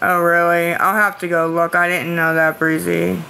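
Woman, live-stream chat, anxious pleading tone, rambling, repeats herself, bright sharp voice. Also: on the low side, little pitch movement, normal speed, creaky, a little hiss or hum. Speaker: livestreamer asking viewers for money. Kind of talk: casual live-stream chat, answering viewer comments.

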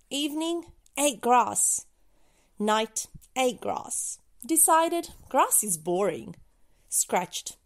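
A woman reads a children's picture book aloud at an unhurried pace. Her voice sweeps high and low, playful and expressive, with deliberate pauses between short phrases. It is a clear bedtime storytelling read.

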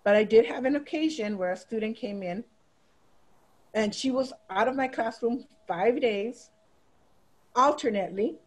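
Female educator, middle-aged, higher-pitched, animated storyteller for a teacher training session. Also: moderate pace, long pauses, rough recording. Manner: animated, acts out students' voices in quotes. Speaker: teacher giving a training talk. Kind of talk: storytelling presentation.

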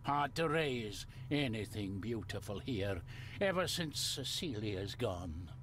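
A man with a Scottish accent playing a gruff, secretive gardener who clings to the old ways, speaking slowly and guardedly. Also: lowish voice, expressive, fairly bright tone, a little hiss or hum. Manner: slow, guarded, dialect-heavy. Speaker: game character.

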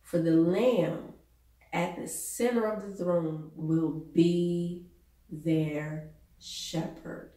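A woman pastor preaching a sermon, reading Bible verses aloud in a deliberate way. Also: fairly low pitch, dark tone. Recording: echoey room, voice from a distance.

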